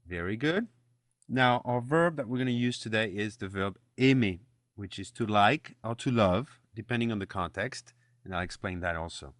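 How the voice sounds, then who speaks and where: A man's voice: lowish voice, animated, moderate pace, a bit bright, dry recording, studio quality. A man teaching a French lesson, patiently explaining pronunciation and repeating phrases for the listener to copy. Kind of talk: language lesson with repeat-after-me drills.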